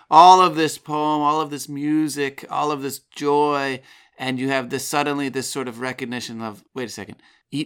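Smooth-voiced reflective man on poetry. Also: mid-range voice, fairly bright tone. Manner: measured, reflective, explanatory. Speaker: writing teacher and poetry podcast co-host. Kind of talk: close-reading conversation about a poem.

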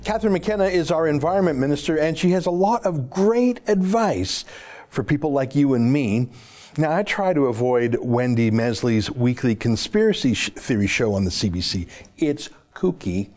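A man's voice: on the high side, lively intonation, moderate pace, a little mellow. A man hosting an opinionated political monologue, talking in a sarcastic, mocking and emphatic way. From Canada. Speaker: political commentator host.

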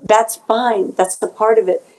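A woman's voice: mid-range voice, steady tone, unhurried, darkish tone, rough recording. A middle-aged woman being interviewed as an author, speaking earnestly and emotionally about faith, often repeating words as she goes.

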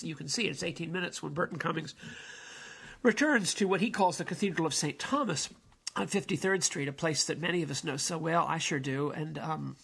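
Gravelly, husky man rambling about songs. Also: fairly high pitch, a bit bright. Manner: rambling, halting, many restarts and fillers. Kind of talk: casual spoken commentary on songs.

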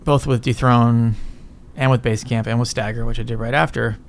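In a brisk, steady, mid-range voice, this middle-aged business guest and entrepreneur talks casually and rambles during an interview, with slight background noise. Swearing is frequent, and "right?" punctuates his points.

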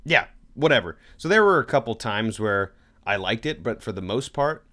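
A man's voice: fairly low pitch, expressive, normal speed, bright, forceful tone. Rambling casual male podcast co-host. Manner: rambling, self-deprecating, tries joke accents. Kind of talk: casual chat.

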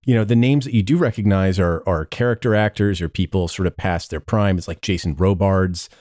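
A man's voice: low voice, brisk, darkish tone, no echo, studio quality. A man co-hosting a podcast in casual chat, sardonic with laughing asides. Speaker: podcast co-host.

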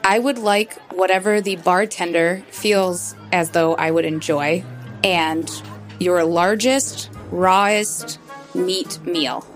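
A woman's voice: on the low side, slow, soft background music. A woman voicing a stiff, overly formal monster woman in disguise, speaking in stilted phrases.

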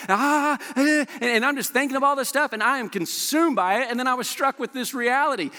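A man in his thirties preaches in a big echoey hall. His voice sits high and sounds bright. He tells stories with energy and throws in quick quoted asides. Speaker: pastor. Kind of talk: sermon. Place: church auditorium.

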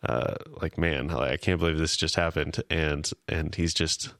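A man's voice: a bass voice, steady tone, moderate pace, fairly bright tone, no echo, clean studio sound. A man co-hosting a podcast, recapping a TV episode casually and lightly acting out the characters' lines. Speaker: podcast co-host.

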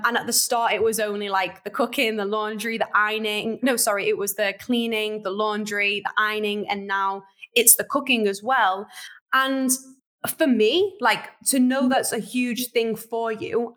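A young woman hosting a podcast in casual chat, animated, laughing often and drawing out words for emphasis. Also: mid-range voice. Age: young adult. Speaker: podcast host.

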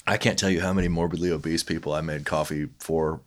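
A man's voice: a bass voice, fairly even intonation, fast. A man from South Louisiana, probably in his thirties, chatting casually with loose, profane storytelling and mimicked voices. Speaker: guest. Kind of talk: casual chat.

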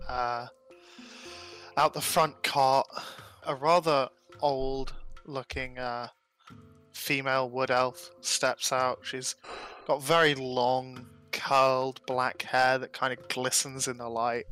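A man narrating as game master in a tabletop game, talking in a relaxed, loose way with fillers. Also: medium pitch, slow, clear, resonant tone, faint music behind.

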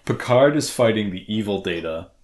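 A man with a Boston accent talks casually on a podcast in a low, deep voice. He is excitable and rambling, restarting his sentences as he goes. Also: normal speed. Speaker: podcast co-host. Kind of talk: casual chat.

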